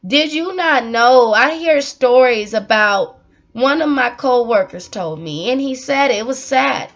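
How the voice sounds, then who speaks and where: Earnest high-voiced woman sharing her story. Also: animated, a little slow. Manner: earnest, heartfelt, repeats herself for emphasis. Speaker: vlogger. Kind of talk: emotional personal storytelling. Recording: dull lo-fi audio.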